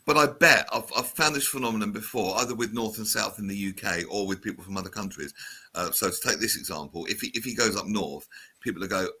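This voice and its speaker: Forceful husky-voiced male radio host. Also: lowish voice, fast talker. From south of England. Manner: chatty, animated, reads out listener messages. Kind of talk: casual radio chat.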